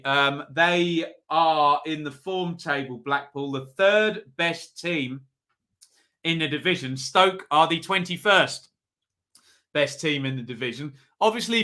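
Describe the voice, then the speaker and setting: A man's voice: fairly high pitch, pushed and bright. A man hosting a live football predictions stream, chatting casually, thinking aloud and reading out viewers' comments.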